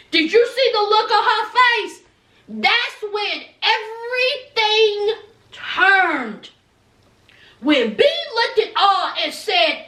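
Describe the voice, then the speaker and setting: A very high, bright voice from a woman recapping reality TV in an unhurried, sassy way. She talks like she's gossiping with her viewers and keeps calling them honey. The sound is roomy and echoey, with the mic set back from her. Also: big pitch swings. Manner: sassy, dramatic, calls viewers honey and y'all. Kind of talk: casual commentary to viewers. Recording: echoey room, mic at a distance.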